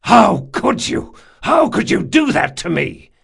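A man voicing a big, strong, loyal male thief who speaks in a measured, firm way in an audiobook. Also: lowish voice, big pitch swings, creaky, heavily acted. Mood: furious anguished. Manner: measured and firm, bursting into roars. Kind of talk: audiobook character voice.

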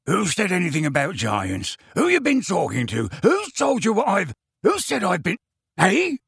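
A man voicing a gruff, battered giant gamekeeper in an audiobook, with slow, rough, rustic speech. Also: medium pitch, very animated, fairly bright tone, no echo, studio quality, full character voice. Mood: indignant. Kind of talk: audiobook reading.

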